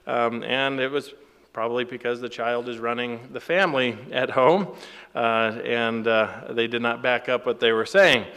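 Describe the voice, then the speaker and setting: A man preaching in an easy, conversational manner, often pausing on fillers and chuckling between points. His voice is smooth and resonant at a middle pitch. It rings out with a long reverb, as in a large hall. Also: a bit bright. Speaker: pastor. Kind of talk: sermon.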